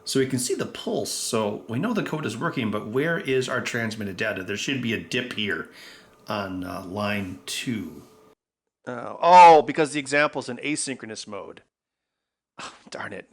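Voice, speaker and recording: A man's voice: medium pitch, animated, moderate pace, creaky, breathy edge. Man muttering through a project. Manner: muttering to himself while working. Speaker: electronics maker host. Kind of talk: casual work-along narration.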